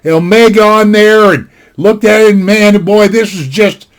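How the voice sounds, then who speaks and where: High-voiced older man rambling folksily. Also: fairly even intonation, a little slow. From Montana, USA. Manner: rambling, folksy, full of "you know" asides. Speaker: storyteller. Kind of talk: casual spoken anecdote. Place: home desk. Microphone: desktop mic.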